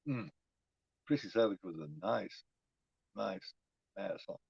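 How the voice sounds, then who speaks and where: A man's voice: on the low side, expressive, slow pace, creaky, a little mellow, husky, dry recording. Guy cussing and chatting through a slasher watchalong, dull dry mic. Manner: chatty, profane, talks back at the screen. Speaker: watch-along commentator. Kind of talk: casual movie commentary.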